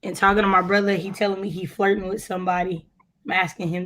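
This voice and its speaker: A woman's voice: medium pitch, little pitch movement, fast, fairly bright tone, slight background noise, rough recording. A woman in playful, laid-back banter during a casual chat.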